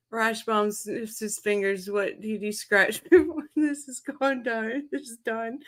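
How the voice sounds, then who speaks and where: A woman's voice: a little high, fairly even intonation, takes it slowly. A woman hosting a casual livestream, laughing helplessly and greeting viewers in the chat. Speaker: livestream host.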